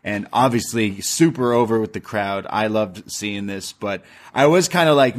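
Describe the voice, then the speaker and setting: Low-voiced man recapping casually. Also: normal speed, hardly any pauses. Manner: rambling, laughs often, recounts quotes. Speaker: podcast co-host. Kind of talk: casual wrestling recap chat.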